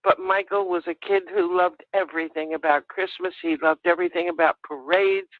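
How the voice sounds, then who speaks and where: An older woman calling in to a radio show, earnestly telling a personal story and acting out her child's lines in a higher voice. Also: lively intonation, a little fast, no echo. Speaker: caller. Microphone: telephone. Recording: tinny dry phone line.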